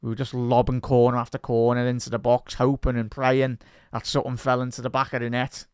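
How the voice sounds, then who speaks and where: A man hosting a live football watch-along, giving excitable fan commentary and chatting with viewers. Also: mid-range voice, a little fast, smooth, dry recording, clean studio sound.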